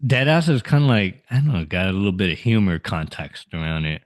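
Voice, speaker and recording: A man's voice: sits low, big pitch swings, brisk. A man in his forties, co-hosting a podcast, chatting casually and playfully acting out silly scenes. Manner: playful, acts out silly scenarios with laughter. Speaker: podcast co-host. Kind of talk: casual chat.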